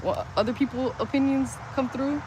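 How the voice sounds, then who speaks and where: A woman with a high-pitched, steady voice talks at a normal speed into her phone while livestreaming outdoors beside a street. Her chat is casual and loose, rambling along with "like" dropped in constantly. Loud street noise from outside fills the recording.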